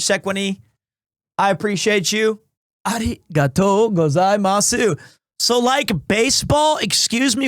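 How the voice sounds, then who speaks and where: A man in his thirties streaming live, chatting casually in a rambling, animated way with restarts, recovering from asthma and clearing his throat. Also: high voice, dry recording, clean studio sound. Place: small home room.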